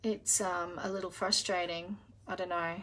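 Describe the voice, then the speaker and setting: A woman's voice: lowish voice, little pitch movement, moderate pace, a bit bright. Chatty middle-aged woman, affectionate. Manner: chatty and affectionate, calls viewers darling and honey, many ums. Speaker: spiritual reader hosting a live session. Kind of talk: casual live-stream chat.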